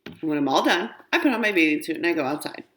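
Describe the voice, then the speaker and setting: A woman's voice: deep voice, big pitch swings, fast talker, a bit bright. A woman reading a children's book aloud, narrating expressively in a young girl's first-person voice. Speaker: audiobook reader.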